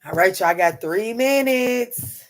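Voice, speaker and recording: A woman's voice: fairly high pitch, lively intonation, slow pace. Blunt, cussing woman reading tarot live. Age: adult mother. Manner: blunt, profane and emphatic, calling listeners honey and baby. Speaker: tarot reader. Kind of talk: casual livestream chat with viewers.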